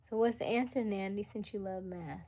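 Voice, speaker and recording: A woman's voice: medium pitch, a little fast, mellow. A woman with an East African accent hosting a live stream, chatting with viewers, reading their comments aloud and working through sums to herself. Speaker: livestream host. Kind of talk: casual live-stream chat.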